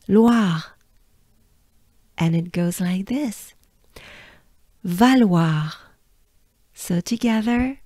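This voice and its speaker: A patient pronunciation coach from France, speaking with a French accent, gives a slow lesson, breaking words down and drilling sounds syllable by syllable. Her voice is medium-pitched and mellow, captured in a dry, clean studio recording.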